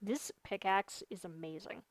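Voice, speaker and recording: A woman's voice: mid-range voice, unhurried, dry recording. Brief: young woman livestreamer, chatty, venting, leans hard on repeated points. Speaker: gaming livestreamer. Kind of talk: casual chat while streaming a game.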